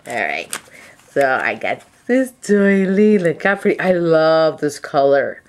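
A woman's voice: big pitch swings, slow pace, slight background noise. Gushing woman squealing over an unboxing. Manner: gushing, breathless exclamations, leaps to high squeals. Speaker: crafting vlogger. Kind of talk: excited unboxing chat.

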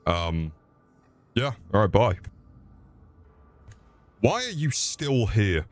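A man's voice: lowish voice, very animated, extremely slow. A young man swearing and mocking himself while streaming a game. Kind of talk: crude live-stream commentary.

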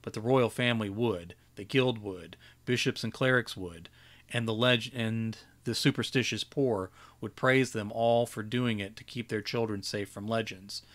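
A man's voice: on the low side, fairly even intonation, normal speed, a bit bright, close to an everyday voice. A man voicing a weary, jaded old male wizard who growls and lectures dismissively.

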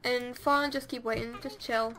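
High-voiced woman chatting over gameplay. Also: moderate pace, slight background noise. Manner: chatty, talks to her game characters; easily excited. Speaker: gameplay commentator. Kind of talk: casual let's-play commentary.

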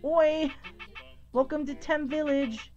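A woman's voice: high-pitched, steady tone, slow, darkish tone, highs cut off, soft background music, pitched above the performer's own voice. A woman voicing a clumsy, cheerful little cat-dog creature girl who talks in broken baby talk. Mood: excited.

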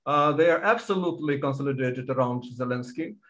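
A man, speaking on an academic panel in an earnest, halting way with many restarts, visibly moved. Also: medium pitch, a bit bright, rough recording. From Ukraine.

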